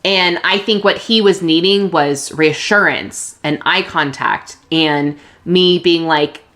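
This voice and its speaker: A woman podcast host candidly telling a personal story, open and emotional, with restarts and soft laughs. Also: fairly low pitch, slow pace.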